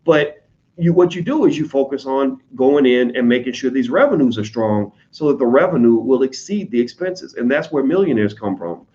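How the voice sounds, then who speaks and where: A man with an American accent talking casually to his audience, blunt and profane, slipping into quick mimicry of other people. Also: medium pitch, expressive, a little mellow, highs cut off. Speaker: online commentator on business. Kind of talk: casual unscripted monologue.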